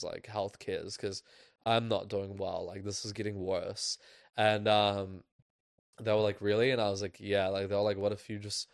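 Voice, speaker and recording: Low-voiced young man telling a story. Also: clear, resonant tone, no room sound. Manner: loose, filler-heavy storytelling with lots of "like". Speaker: podcast host. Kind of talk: casual storytelling.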